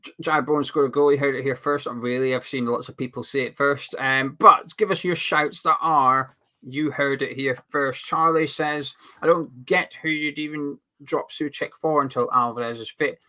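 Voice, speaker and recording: A man's voice: medium pitch, fairly even intonation, normal speed, pushed and bright. A man co-hosting a casual football fan watch-along, rambling a little as he reads out viewer comments. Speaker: fan channel co-host.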